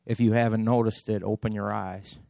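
Man, church talk, reflective and earnest, low voice, dry sound. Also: little pitch movement, brisk, gravelly, mellow, dry recording. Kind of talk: church exhortation.

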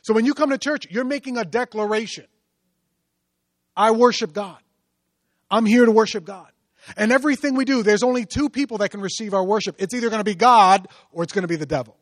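A male pastor preaching a sermon, moving from hushed storytelling to loud, rising exhortation. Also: high voice, a little fast, dry recording.

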